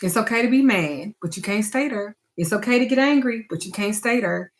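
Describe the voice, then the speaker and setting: A woman's voice: mid-range voice, expressive, brisk. A woman speaking to her audience as a spiritual advisor and tarot reader, frank and emphatic, with blunt swearing. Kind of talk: candid talk to camera.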